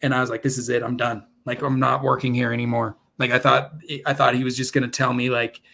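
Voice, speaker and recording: A man's voice: mid-range voice, little pitch movement, fast talker, vocal fry, hardly any pauses, pushed and bright. Earnest man rambling through his story. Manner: earnest, speaks in rambling restarts. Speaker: podcast guest. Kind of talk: casual interview storytelling.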